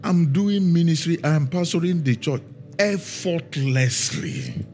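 A man's voice: on the high side, a little mellow, soft background music. A middle-aged man, a pastor preaching a sermon and telling stories, stressing words and drawing them out. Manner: storytelling, emphatic with drawn-out words.

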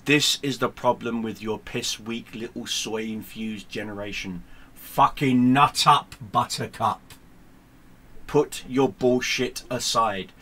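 A man's voice: on the low side, fairly even intonation, a little slow, hardly any pauses, fairly bright tone. A man, a gaming streamer, ranting to camera in a sarcastic, combative way with heavy swearing. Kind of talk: profane angry rant to camera.

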